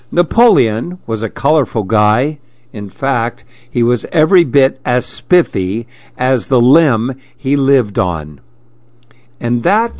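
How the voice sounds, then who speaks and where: A man reading a children's storybook aloud, gentle and expressive. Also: mid-range voice, dry recording, muffled recording.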